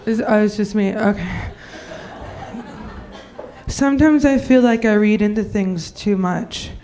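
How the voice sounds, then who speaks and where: A woman's voice: mid-range voice, unhurried, warm tone. A young woman doing a stand-up comedy routine, rambling through a story with ditzy, acted-out quotes.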